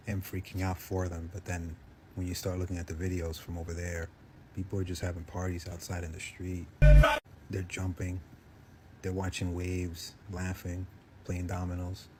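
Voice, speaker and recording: Deep, flat-voiced commentating man. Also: normal speed, very noisy. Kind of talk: casual commentary.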